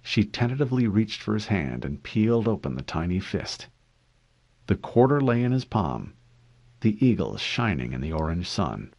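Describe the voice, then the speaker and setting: Brief: male narrator, low voice, animated pitch, reads prose expressively. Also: normal speed, dry recording. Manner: expressive reading with lively pitch. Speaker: audiobook reader. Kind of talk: fan audiobook narration.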